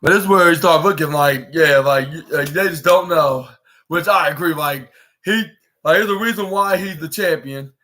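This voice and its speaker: A man with a somewhat high voice talks through a wrestling recap on his podcast. He rambles casually, stacking up fillers and restarting his sentences as he goes. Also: normal speed, bright, forceful tone. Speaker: podcast host.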